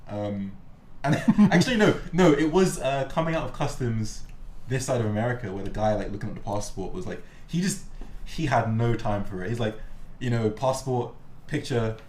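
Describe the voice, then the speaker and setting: A young man hosts a casual chat, telling stories and acting out the voices of the people in them. His voice is mid-range at a moderate pace, recorded in an echoey room with faint background noise.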